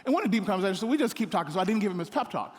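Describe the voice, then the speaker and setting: A middle-aged man delivers a humorous sermon, his voice sitting high. He jumps into playful little voices for the people in his stories. A long hall echo trails each phrase. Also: racing. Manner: animated, joking, with playful voices for others. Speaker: pastor. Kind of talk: comedic sermon storytelling. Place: large hall on stage.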